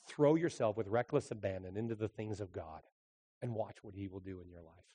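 A man preaching a sermon, telling a family story and swinging between loud, urgent passages and hushed, slow ones. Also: fairly low pitch, husky. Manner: swings from shouting to hushed, dramatic pauses. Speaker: pastor. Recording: long hall reverb.

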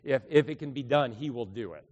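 A middle-aged man preaching a sermon in a church, swinging between loud, fervent bursts and quiet, confiding asides. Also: mid-range voice, brisk. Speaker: pastor. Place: church sanctuary. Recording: echoey church hall.

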